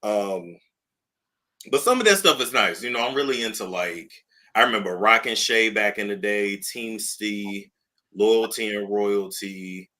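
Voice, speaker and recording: Man co-host, low voice with a very bright edge, slangy and relaxed. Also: a little slow. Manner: laid-back, slangy, chatty. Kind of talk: casual chat.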